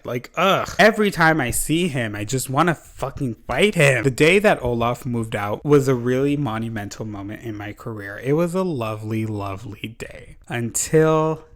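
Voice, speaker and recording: A man's voice: medium pitch, lively intonation, normal speed, few pauses, a bit bright. A man in his twenties ranting dramatically and playfully in a casual gaming vlog, swearing and exaggerating, speaking into a desk microphone. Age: 20s. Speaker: gaming youtuber.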